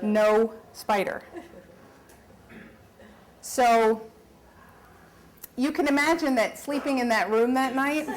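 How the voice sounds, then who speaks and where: A woman telling a personal story on stage at a live event, animated and often laughing. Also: on the high side, slow, long pauses, poor audio. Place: story slam stage before an audience.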